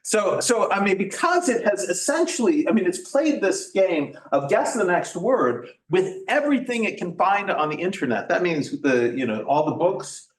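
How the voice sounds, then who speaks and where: A man presents a workshop in a loose lecture style, stopping and restarting often with ums and uhs. His voice sits a bit high for a man and moves up and down with animation. He is recorded from a distance in an echoey church meeting room. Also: sing-song. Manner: halting, with many fillers and restarts. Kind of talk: informal lecture.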